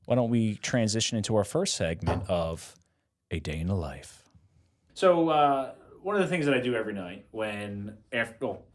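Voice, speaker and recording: A young man co-hosting a laid-back podcast, talking in a loose, rambling way with plenty of ums and laughs. His pitch swings widely as he talks, rising and dipping through each sentence. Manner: rambling, lots of fillers and laughs. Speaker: podcast co-host. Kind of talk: casual podcast chat.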